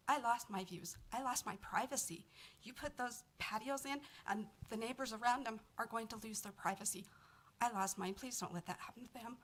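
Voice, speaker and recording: A woman's voice: fairly high pitch, a bit bright. A woman giving public comment at a council meeting, nervous and plainly aggrieved. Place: city council chamber.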